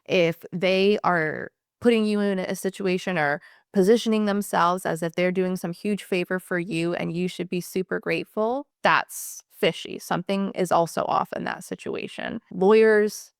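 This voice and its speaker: A woman's voice: lowish voice, moderate pace, gravelly, no room sound, clean studio sound. A woman employment attorney explaining legal fees straight to camera in a candid, passionate way, swearing casually.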